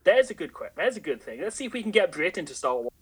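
A man co-hosting a casual podcast chat, joking and animated. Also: high-pitched, fast talker, breathy edge. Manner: jokey, animated, playful voices. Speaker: podcast co-host.

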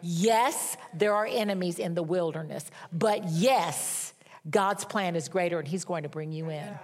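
Middle-aged woman preaching, lowish voice, animated storytelling, pokes fun at herself. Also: measured pace. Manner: animated storytelling, candid and self-mocking. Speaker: pastor. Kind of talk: sermon.

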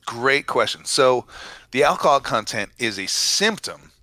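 A man on a podcast explaining brewing in an easygoing, unhurried way, laughing now and then. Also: mid-range voice, big pitch swings, sharp tone, no room sound. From Minnesota. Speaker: brewing expert guest. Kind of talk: casual podcast chat.

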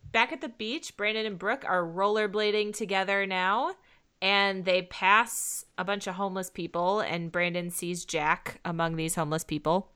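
A woman's voice: mid-range voice, fairly even intonation, moderate pace, bright, forceful tone, clean tone. A woman co-hosting a podcast, laughing often as she narrates a TV episode scene by scene in casual chat. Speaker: podcast co-host.

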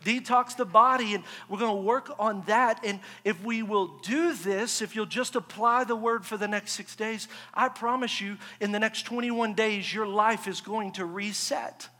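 Male pastor, high voice, energetic sermon, echoey large church. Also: moderate pace, hardly any pauses. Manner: energetic, rhetorical call-and-response.

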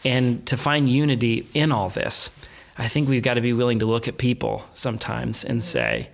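An adult man tells a story in an easy conversational way. He animates the retelling with quoted voices and short laughs. His voice sits at an ordinary middle pitch. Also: expressive, normal speed, vocal fry. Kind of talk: casual storytelling chat.

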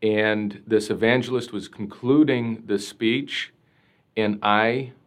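A man with a somewhat low voice speaks earnestly as a podcast guest, recalling a personal experience. His speech is reflective and heartfelt, peppered with casual "like" fillers and restarts. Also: steady tone, slow. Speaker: priest, interview guest. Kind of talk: personal storytelling in conversation.

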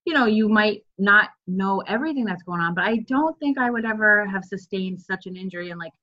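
A woman's voice: mid-range voice, animated, a little fast, bright, forceful tone, muffled recording. A woman EMT telling a work story in casual chat, full of filler words. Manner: chatty storyteller, many filler likes.

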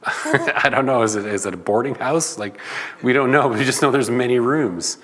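A man's voice: medium pitch, moderate pace, fairly bright tone, long reverb tail. A man preaching a sermon in a loose, conversational teaching manner. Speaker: pastor.

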